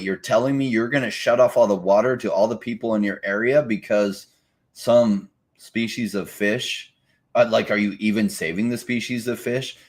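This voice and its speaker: Man, lowish voice, sarcastic podcast co-host, casual. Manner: sarcastic, mocking voices for others.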